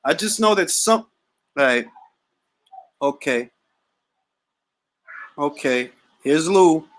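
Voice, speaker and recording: A man's voice: a little high, lively intonation, extremely slow, low-quality recording. A man hosting a boxing talk livestream, joking around in casual slang and repeating catchphrases. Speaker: boxing talk show host.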